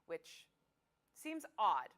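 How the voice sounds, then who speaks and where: A woman's voice: fairly low pitch, very animated, drawn-out words, a bit bright, a little hiss or hum. A woman sports reporter chatting casually on a live local news broadcast, enthusiastic and playful.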